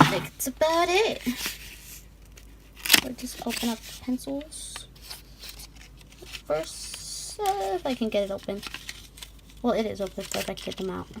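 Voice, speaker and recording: A young woman vlogger gushing through an unboxing in casual chat, often dropping into soft whispered asides. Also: a little high, lively intonation, slow, gravelly, pauses often, heavy background noise.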